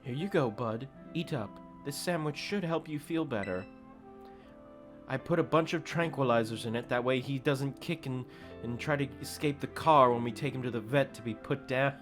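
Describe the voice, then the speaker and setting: A man reading as a gruff, quiet teenage boy. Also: moderate pace, soft background music, close to an everyday voice. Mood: somber. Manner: low, quiet, subdued reading of game dialogue.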